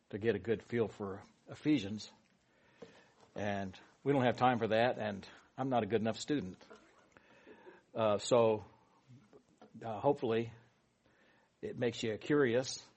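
A man's voice: medium pitch, darkish tone. A man leading a Bible study with a prayer, then teaching in a casual, rambling way with many asides and fillers.

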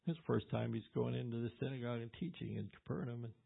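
Husky man teaching the Bible. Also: medium pitch, racing. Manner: conversational, with fillers and asides. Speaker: pastor. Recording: tinny phone-like audio.

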